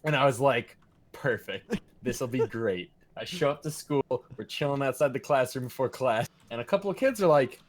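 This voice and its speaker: A man's voice: medium pitch, lively intonation, moderate pace, a little hiss or hum. A man streaming, telling stories in a casual, profane, laughing way.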